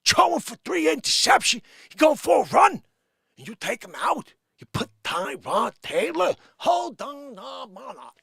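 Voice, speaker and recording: A man voicing a loud, exasperated male football boss with a Bronx accent, shouting orders. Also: extremely high pitch, big pitch swings, a little slow, creaky, dry recording, studio quality, pitched above the performer's own voice, exaggerated voice. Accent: Bronx impression.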